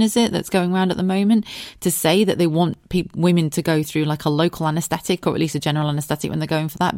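A woman's voice: low-pitched, gravelly, a little mellow, no room sound, clean studio sound. A woman hosting a podcast, telling her own story in a frank, sweary, conversational way. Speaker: podcast host. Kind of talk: candid personal monologue.

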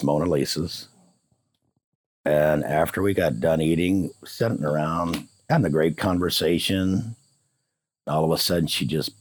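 Deep, husky-voiced man telling a story. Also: dry recording. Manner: animated retelling, voicing both sides of remembered dialogue. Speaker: interview guest. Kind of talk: casual storytelling in conversation.

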